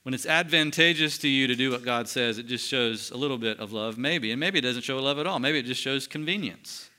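Earnest pastor with a bright voice. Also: male voice, mid-range voice. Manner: earnest preaching, slows down and drops quiet for emphasis. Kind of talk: sermon.

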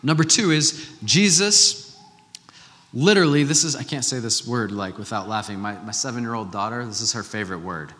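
Pastor guy in his 30s preaching, chatty and animated, bright tense voice, big reverb from the church. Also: mid-range voice, moderate pace. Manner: conversational and animated, with rhetorical questions. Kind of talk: sermon.

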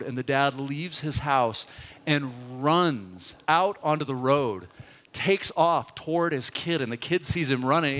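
A man preaching a sermon, retelling a story in a lively, conversational way and speaking directly to the congregation. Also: mid-range voice. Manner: animated storyteller, talks straight to the congregation. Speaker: pastor. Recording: long hall reverb.

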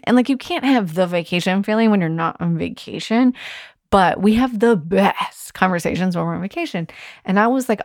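A woman's voice: medium pitch, normal speed, no echo, studio quality. A woman in her thirties or forties hosting a podcast as a stylist, talking casually and frankly, swearing freely and laughing often. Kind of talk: casual solo podcast talk.

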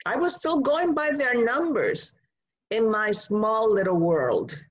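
A woman from Rico, telling a personal story in an animated, emphatic way. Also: fairly high pitch, slow pace, highs cut off. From Puerto Rico.

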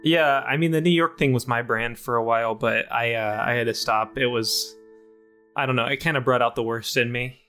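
A man's voice: mid-range voice, fairly even intonation, moderate pace, pushed and bright, soft background music, close to an everyday voice. A man in an improv comedy scene playing a hot-headed male chipmunk, a blustering former tough guy. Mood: weary.

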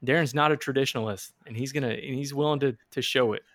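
A man's voice: medium pitch, fast talker, a bit bright. A man with a middle-range voice co-hosting a board game podcast. He talks in a loose, rambling way, restarting sentences and laughing along with his co-host. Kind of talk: casual chat.

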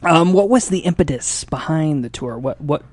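A woman hosting a casual talk show, giggly and self-deprecating, often halting mid-sentence. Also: sits low, animated, a little mellow. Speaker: show host. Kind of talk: casual chat.

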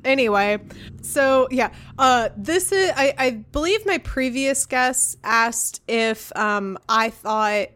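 Woman, podcast co-host, chatty rambler, slightly high voice, filler-heavy. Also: slow pace. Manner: rambling, animated, filler-heavy with frequent restarts. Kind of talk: casual podcast chat.

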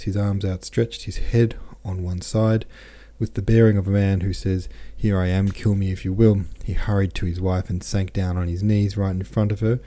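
A man hosting a podcast, reading a novel aloud with relaxed, chatty asides. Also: low voice. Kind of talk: casual commentary and audiobook reading.

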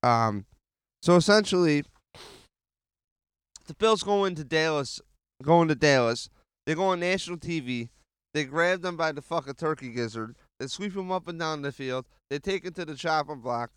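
A man hosting a casual sports podcast, swearing often and rambling excitedly with restarts, speaking into a handheld mic. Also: fairly high pitch, moderate pace, clear, resonant tone, no room sound, clean studio sound. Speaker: podcast host.

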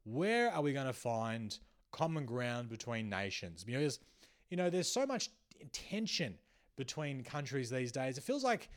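A man's voice: medium pitch, big pitch swings, a little slow. A man hosting a comedy show, delivering a rambling, sarcastic monologue with many restarts. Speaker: comedian host.

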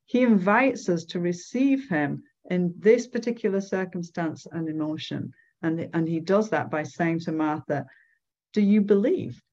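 A woman giving devotional Bible teaching, reading scripture aloud and explaining it slowly. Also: fairly low pitch, darkish tone, muffled recording. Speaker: speaker at a church gathering.

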